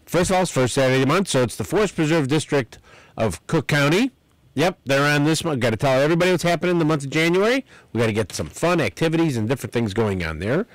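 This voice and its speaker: Chatty radio host, lively pitch. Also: male voice, no echo, poor audio. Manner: chatty, rambling, repeats the phone number slowly. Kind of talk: live outdoors radio talk. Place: radio studio. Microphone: studio microphone.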